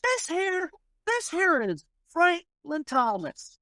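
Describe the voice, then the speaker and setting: A man's voice: very high-pitched, huge pitch swings, takes it slowly, pushed and bright, no room sound, studio quality, pitched above the performer's own voice, heavily acted. A man doing a cocky, bullying outlaw gunslinger. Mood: mocking. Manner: taunting, boastful, repeats "old man".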